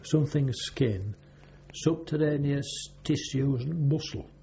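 An older man reminisces in an oral history interview, his voice gravelly and dark. He wanders through his memories with many pauses and fillers. The recording is muffled, with a low hum underneath. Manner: rambling, halting, with many fillers. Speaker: interviewee, former navy sailor. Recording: dull lo-fi recording with faint hum.

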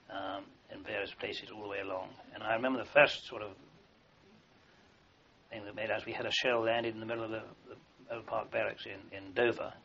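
In this dull, lo-fi oral history clip, an older man who served in the army spins long, meandering wartime stories, stumbling over fillers and starting sentences again. His voice sits fairly low and sounds pushed and bright.

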